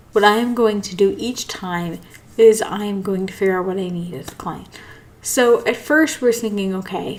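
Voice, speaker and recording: Tired, yawning woman host; casual, rambling, apologetic delivery. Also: mid-range voice. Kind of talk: casual live talk.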